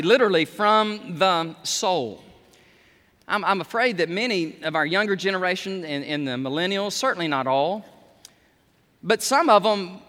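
A man, preaching a sermon with emphatic peaks on key words. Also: high-pitched. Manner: emphatic, rising to near shouts on key words. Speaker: pastor. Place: church sanctuary. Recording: long reverb of a large hall.

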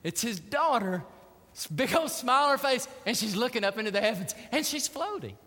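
A middle-aged man preaches a sermon, his voice high and ringing bright. He tells stories dramatically, dropping to a hush and then rising to loud emphasis. The sound carries the long reverb of a big church hall. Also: lively intonation, brisk. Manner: dramatic, emphatic storytelling, swinging between hushed and loud. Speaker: pastor. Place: church sanctuary.

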